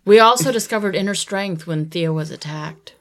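A woman's voice: mid-range voice, moderate pace. A woman chatting as a player in a tabletop game, making teasing, wry asides. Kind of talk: casual tabletop game chat.

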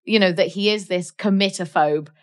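A woman's voice: mid-range voice, normal speed. A Welsh woman co-hosting a casual film chat, chatty with many fillers and restarts. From Wales. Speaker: podcast co-host.

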